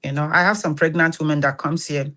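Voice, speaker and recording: A woman with a Nigerian Yoruba accent, hosting an animated spoken talk that mixes in Yoruba and preacher-like rises, ending in prayer. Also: low voice, fast talker. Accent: Nigerian, Yoruba-influenced. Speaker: host and massage therapist.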